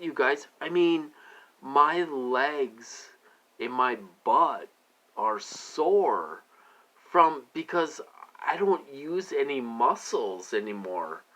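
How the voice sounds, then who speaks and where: A man at a middle pitch, speaking straight to his viewers in a loose, rambling monologue. His voice has a bright, forceful edge. He circles back and repeats himself, leaning on steady fillers. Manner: loose, repetitive, heavy with fillers. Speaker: vlogger.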